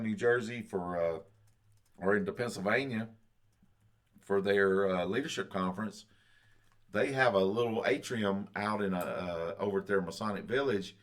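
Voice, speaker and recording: Podcast co-host, man, very low voice, halting delivery. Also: fairly bright tone. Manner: halting, many fillers and restarts. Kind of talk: casual chat.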